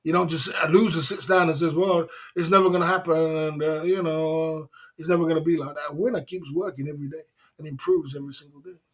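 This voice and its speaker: A man talks straight into his livestream, his voice sitting a touch higher than most men's. He lectures bluntly, hammering the same points over and over with street slang. Short laughs slip out between his lines. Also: steady tone, quick pace. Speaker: livestream host. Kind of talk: motivational livestream rant. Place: indoors in Thailand.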